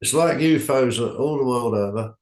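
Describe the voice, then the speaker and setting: A man's voice: mid-range voice, moderate pace, a little mellow. An older man chatting casually about UFO stories, rambling and trailing off into asides. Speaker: club organizer, guest. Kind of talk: casual chat. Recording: echoey room.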